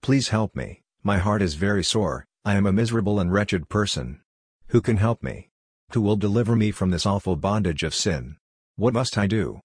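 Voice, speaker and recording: A man's voice: on the low side, expressive, normal speed, husky, no echo, clean studio sound. A man reading the lines of a distraught middle-aged woman, a chief's wife, in a pleading, anguished tone.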